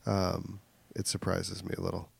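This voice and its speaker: A man's voice: low-pitched, monotone, moderate pace, creaky, slightly rough, no echo. A man co-hosting a podcast in casual chat, wry and rambling, often trailing off. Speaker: podcast co-host. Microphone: podcast mic without pop filter.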